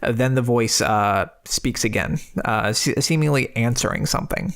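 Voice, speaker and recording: A man's voice: mid-range voice, normal speed, vocal fry, a bit bright. Hesitant male game master. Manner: hesitant, lots of ums and restarts. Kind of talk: narrating a tabletop game.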